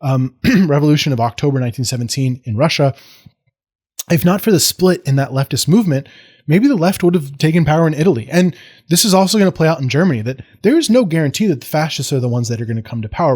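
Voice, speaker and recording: A man's voice: a little high, animated, brisk, a little mellow, slightly rough. An American man giving a history lecture in a casual, digressive way, with self-deprecating asides and restarts. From United States.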